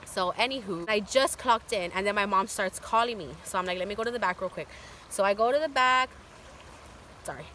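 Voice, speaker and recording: Young woman, storytime vlogger, bright voice, rambling chatty delivery. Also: mid-range voice, animated, fairly quick, a little hiss or hum. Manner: chatty, filler-heavy with constant "like". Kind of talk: casual storytime.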